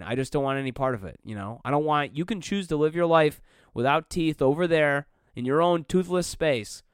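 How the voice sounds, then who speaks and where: Solo podcast host, young man, rambling and wry, slightly high smooth voice. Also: no room sound, clean studio sound. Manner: rambling, wry, full of fillers and restarts. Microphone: close studio mic.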